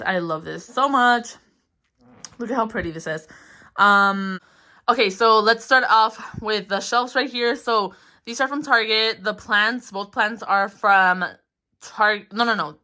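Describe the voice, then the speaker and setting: A woman's voice: mid-range voice, pushed and bright. A young woman in her twenties giving a casual, rambling room tour of her small bedroom, giggling often and filling gaps with ums and likes. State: a bit out of breath. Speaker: vlogger.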